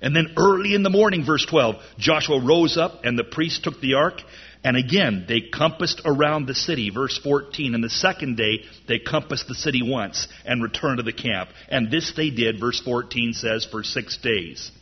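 A man preaching a sermon in an animated way, his voice rising loud on key lines. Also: medium pitch, normal speed, slightly rough, lo-fi sound. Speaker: pastor.

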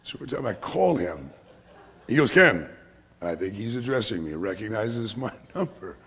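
A man preaching in a church sanctuary, his voice gravelly and a little husky. He drops to near-whispers and then surges into loud, emphatic lines. A long hall reverb trails every phrase. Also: lowish voice, big pitch swings, brisk. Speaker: pastor. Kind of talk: sermon.

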